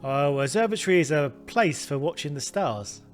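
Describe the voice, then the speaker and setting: A man's voice: on the high side, lively intonation, moderate pace, faint music behind. A man hosting a let's play, talking through the game in a chatty, self-deprecating way. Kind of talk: gameplay commentary.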